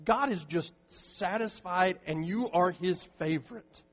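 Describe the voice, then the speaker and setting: High-voiced man preaching in a reverberant church. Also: measured pace, muffled recording. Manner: earnest, emphatic preaching with frequent restarts. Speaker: pastor. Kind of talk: sermon. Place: church sanctuary.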